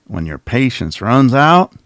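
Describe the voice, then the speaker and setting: A man's voice: mid-range voice, sing-song, measured pace, a bit bright, no room sound, clean studio sound. A man hosting a video that reacts to clips, mocking and sarcastic, often restarting his sentences. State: coughing. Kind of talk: casual commentary.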